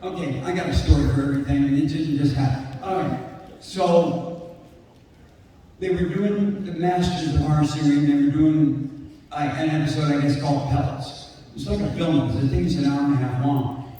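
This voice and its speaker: An older man spins lively stories for a crowd, slipping into the voices of the people in them. His voice is mellow and a little high for a man. It comes from far off the mic in a big hall with a long echo and faint room noise. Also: normal speed. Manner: animated storyteller acting out quoted voices. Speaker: convention panel guest. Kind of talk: storytelling to a live audience. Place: large convention hall. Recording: echoey hall picked up from far off.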